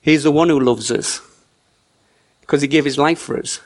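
A man's voice: a little high, normal speed. Preacher man, conversational sermon. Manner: conversational, warm storytelling with frequent restarts. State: choked with emotion.

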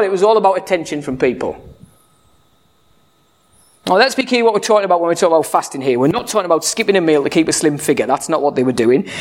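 A man preaching a sermon in a conversational, humorous way, full of rhetorical questions. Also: high voice. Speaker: pastor.

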